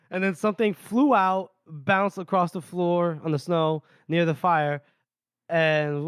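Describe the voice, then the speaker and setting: A man's voice: a little high, steady tone, measured pace, clear, resonant tone, dry recording. A man on a podcast retelling a fantasy novel chapter, reading passages aloud and laughing often as he goes. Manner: laughs often while retelling, voices characters lightly. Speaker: podcast host. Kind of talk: casual book recap with read-aloud passages.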